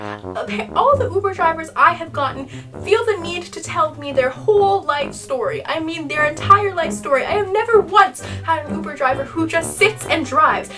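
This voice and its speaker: A woman's voice: high-pitched, sharp tone, recorded from a distance. A young woman vlogger telling an exasperated storytime tale, peppering it with "okay?" over background music. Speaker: YouTuber. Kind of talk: storytime vlog.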